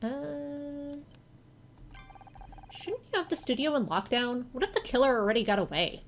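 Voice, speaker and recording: A woman voicing a calm, dry-spoken young woman sidekick. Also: high-pitched, moderate pace, slight background noise, pitched above the performer's own voice.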